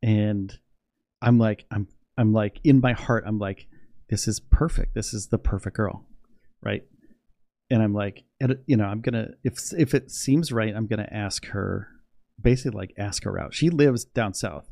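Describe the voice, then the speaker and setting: A young man chatting casually on a livestream, rambling and excitable, laughing often. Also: lowish voice, normal speed, gravelly, no echo, clean studio sound. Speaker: space news livestreamer.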